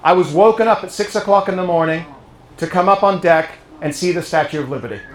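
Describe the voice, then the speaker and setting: Background noise and an echoey room mark this live recording in a private home, where an English-born guest speaker with a British accent talks politics to a club audience. His voice sits high and moves quickly as he tells stories, rallies the crowd and quizzes them.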